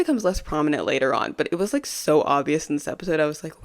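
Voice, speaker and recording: A woman's voice: low-pitched, animated, quick pace. A woman hosting a podcast, recapping a TV episode in a casual, chatty way, giggling often and filling her talk with ums and likes. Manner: chatty and giggly, full of fillers. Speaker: podcast host.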